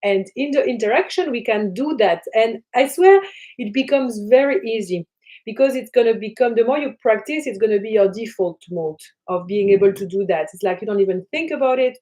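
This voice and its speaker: Woman, mid-pitched voice, soft flowing teaching talk, fillers, at home. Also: rough recording. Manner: soft, flowing, repeats phrases with many fillers. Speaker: spiritual teacher. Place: her flat.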